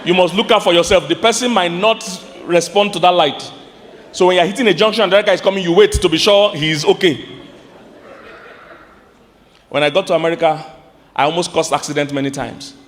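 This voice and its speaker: A Nigerian man preaching a sermon as pastor, animated, with sudden high outbursts and questions to his congregation. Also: a little fast, long pauses, in a large hall.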